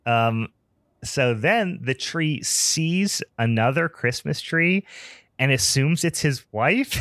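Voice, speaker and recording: A man co-hosts a casual podcast, picking apart a film with sarcastic retellings and frequent laughs. His pitch swings widely as he gets worked up. The sound is close and dry, with no room around it. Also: expressive, slow, fairly bright tone, no echo. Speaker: podcast co-host. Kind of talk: casual film review chat.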